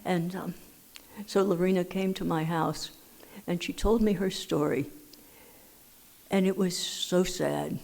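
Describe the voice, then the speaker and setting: A woman's voice: on the low side, fairly even intonation, slow, gravelly, long pauses, a little mellow. An older woman from Los Angeles telling her recovery story at a meeting, with dry humor. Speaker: AA speaker. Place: meeting hall.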